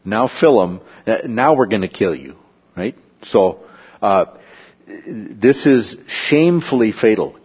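A man giving a Bible lecture, animated, checking in with "okay?" and "right?" and acting out the quotes he reads. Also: lowish voice, husky, muffled recording. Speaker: Bible teacher. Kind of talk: lecture on scripture.

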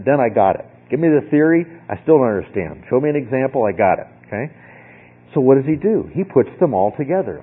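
Man, bible teacher, husky voice, chatty sermon, keeps asking okay, tinny phone-like sound. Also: medium pitch. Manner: conversational, repeats "okay?" to check in.

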